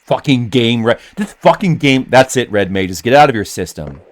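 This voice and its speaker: A man's voice: medium pitch, lively intonation, moderate pace, slight background noise. A man streaming a game, rambling casually to his chat and now and then putting on a mock rage. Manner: rambling, chats with viewers, bursts into mock rage.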